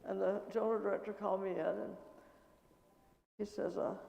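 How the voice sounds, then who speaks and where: An older woman missionary telling her story in church with lively anecdotes and quoted dialogue, recorded in an echoing church. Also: medium pitch, fairly quick, creaky, muffled recording. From American Midwest. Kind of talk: testimony talk at church. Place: church sanctuary. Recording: echoey church with long reverb.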